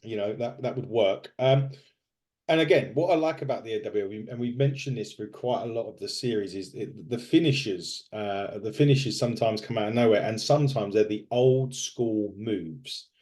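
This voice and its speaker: A man's voice: lowish voice, normal speed, a little mellow. A man co-hosting a podcast in casual chat, rambling with lots of fillers and restarts. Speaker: podcast co-host. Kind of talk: casual chat recapping wrestling.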